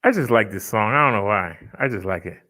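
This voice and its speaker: A man's voice: on the low side, animated, quick pace, bright, forceful tone. A man vlogging over his own music, bragging about his songs with frequent laughs and casual dialect. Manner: laughing, boastful, speaks in dialect.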